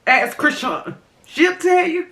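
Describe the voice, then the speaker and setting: A woman's voice: high-pitched, sing-song, slow, bright, forceful tone. A young adult woman vlogging during a mukbang, talking straight to her viewers in a heated, impassioned way. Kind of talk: emotional mukbang commentary.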